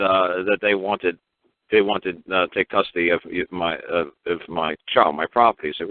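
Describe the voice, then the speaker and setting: A man from New York with a New York accent, ranting fast and profanely on a radio talk show, acting out other people's voices as he goes. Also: lowish voice, fairly even intonation, dry recording. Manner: fast, profane, repetitive, acts out quoted voices. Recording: tinny phone line, dry.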